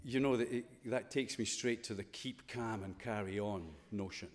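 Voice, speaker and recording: A man's voice: fairly low pitch, normal speed, big-room sound. Scottish man giving a chapel talk. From Scotland. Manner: conversational, playful, full of rhetorical questions. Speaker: school chapel speaker. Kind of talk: informal chapel talk to students. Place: school chapel.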